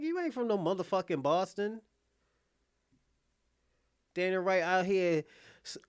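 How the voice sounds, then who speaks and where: A man's voice: high-pitched, smooth, no room sound, studio quality. A man speaking in a blunt, profane casual rant to his viewers as an online commentator, often insisting that he is being honest and laughing between lines.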